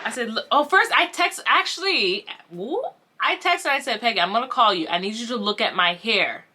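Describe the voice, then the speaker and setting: A young woman telling a casual storytime vlog, animated and acting out the voices of the people she quotes. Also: medium pitch. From Haitian family. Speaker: vlogger.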